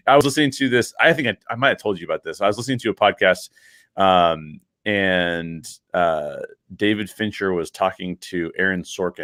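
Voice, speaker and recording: A man co-hosting a podcast about storytelling, chatting casually and telling anecdotes with quick bursts and frequent laughs. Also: fairly low pitch, a bit bright, no room sound, clean studio sound. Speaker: podcast co-host. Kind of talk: casual chat.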